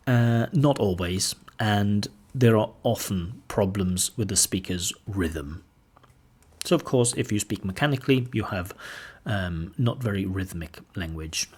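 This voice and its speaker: A man's voice: fairly low pitch, breathy edge. A man teaching a lesson as a language examiner, explaining patiently and saying example sentences aloud. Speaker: IELTS examiner teaching pronunciation.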